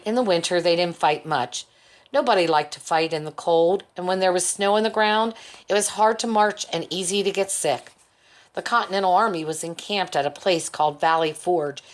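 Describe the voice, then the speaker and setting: A woman reading a chapter of a novel as an audiobook, measured, lifting her voice for the quoted characters. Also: fairly low pitch. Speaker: audiobook reader. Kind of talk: audiobook narration.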